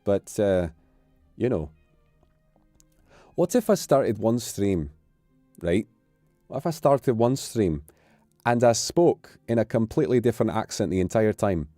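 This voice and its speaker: A man's voice: fairly low pitch, unhurried, pauses often, dry recording, studio quality, faint music behind. A man with an English accent, chatting casually and jokingly on his stream. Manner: rambling, joking, animated. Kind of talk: casual chat.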